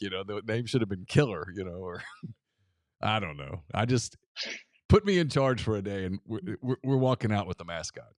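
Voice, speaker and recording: Animated male podcast co-host, dry sound. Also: on the low side, moderate pace, no echo. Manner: animated storyteller, acts out quoted voices. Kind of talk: casual sports talk.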